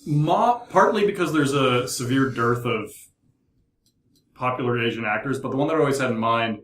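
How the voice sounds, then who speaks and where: A man's voice: mid-range voice, moderate pace, a bit bright, a little hiss or hum. A man hosting a casual podcast chat as game master, rambling with lots of "like". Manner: rambling, heavy use of "like". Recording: echoey room.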